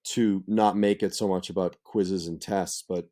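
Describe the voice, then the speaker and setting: A man's voice: deep voice, steady tone, measured pace, warm tone. A man teaching a literature lesson in a conversational, explanatory way, with frequent fillers and asides. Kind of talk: explanatory lecture.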